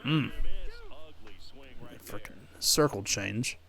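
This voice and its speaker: A man's voice: fairly low pitch, very slow, vocal fry, a bit bright. A man giving casual play-by-play commentary over his own video game, muttering to himself with mild frustrated outbursts. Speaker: gaming video creator.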